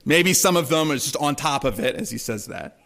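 A man preaching a sermon in a conversational way, often checking in with listeners and softening his voice for quoted words. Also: on the high side, lively intonation, brisk, creaky. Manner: conversational, asks the congregation "right?" often. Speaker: pastor.

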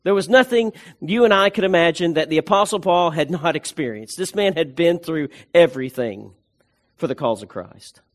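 A man's voice: on the high side, expressive, normal speed. A man preaching a sermon as pastor, emphatic, repeating key phrases and restarting words as he goes.

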